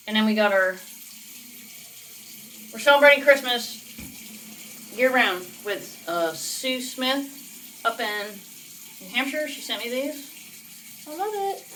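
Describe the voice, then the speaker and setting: A woman records a casual home vlog in her bathroom, talking to her parrot. Her voice sits a little high and leaps into bright sing-song baby talk, then drops back for chatty asides. A tap runs faintly in the background. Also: slight background noise. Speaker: vlogger, parrot owner. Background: faint running tap water.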